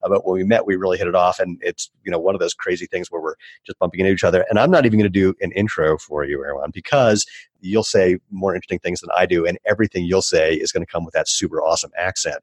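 Lowish guy hosting a podcast, jokey and quick, dry close sound. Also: husky, no room sound. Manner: jokey, quick, laughs often. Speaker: podcast host. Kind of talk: casual interview chat.

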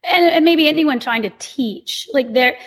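A woman's voice: high voice, unhurried, a bit bright. A woman who teaches movement, guesting on a podcast and explaining her ideas thoughtfully. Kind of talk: casual conversation.

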